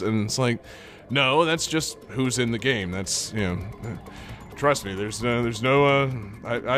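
A man's voice: medium pitch, a bit bright. A man co-hosting a podcast, chatting casually about a video game in a rambling way, with lots of fillers and laughter. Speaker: podcast co-host.

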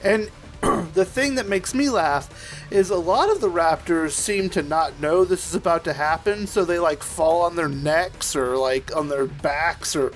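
A man's voice: on the high side, measured pace, soft background music. A man chatting on a podcast in a loose, rambling way, full of fillers and casual swearing. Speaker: podcast co-host. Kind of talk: casual chat.

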